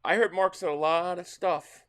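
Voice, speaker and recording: Hosting a casual football reaction stream, this middle-aged New Jersey man speaks in a high, smooth voice at normal speed. His talk wanders as he answers chat messages, and every so often he erupts into energetic play-by-play.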